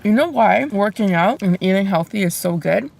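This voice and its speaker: A woman speaks to her camera from a parked car, pausing between bites to chat in an unhurried, conversational way. Her voice sits at an ordinary pitch for a woman. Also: animated, creaky, darkish tone. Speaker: mukbang video creator. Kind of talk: casual eating vlog.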